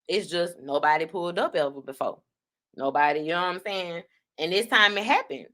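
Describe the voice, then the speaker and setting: A woman hosting an online talk show, giving blunt, profane commentary on online drama in a casual, fast-talking way. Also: on the low side, pushed and bright. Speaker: online radio host.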